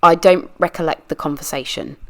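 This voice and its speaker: Reenacting a deposition for a true crime channel, a woman reader voices a guarded adult witness, also a woman, whose replies are short, terse, and evasive under questioning. She speaks briskly in a low register with a fairly bright tone.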